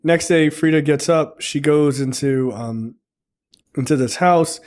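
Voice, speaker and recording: Chatty man recapping with jumpy character voices. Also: unhurried. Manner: animated, jumps into high voices for characters; profane, filler-heavy storytelling. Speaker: film podcast co-host. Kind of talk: casual plot recap.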